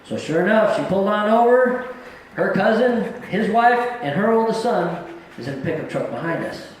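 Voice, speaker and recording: A man's voice: high voice, lively intonation, normal speed, very echoey, a little hiss or hum, low-quality recording. A middle-aged man doing a live stand-up set on a comedy club stage, telling stories in a plain-spoken, folksy way.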